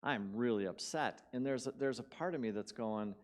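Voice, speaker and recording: A man giving a conversational storytelling sermon as guest speaker in a church, swinging between loud bursts and quiet drops and repeating words for emphasis. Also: mid-range voice, normal speed. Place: church sanctuary.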